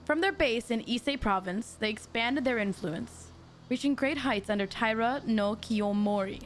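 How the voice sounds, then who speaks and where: A woman streaming a mystery game, reading the dialogue aloud and breaking off into excitable, jokey asides to her chat. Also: fairly high pitch, measured pace, a little hiss or hum. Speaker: VTuber streamer.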